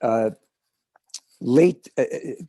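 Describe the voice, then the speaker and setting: Male actor on a panel, mellow tone, dry close sound, earnest delivery. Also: mid-range voice, no room sound. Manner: earnest, deliberate, some hesitations. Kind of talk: unscripted panel answer.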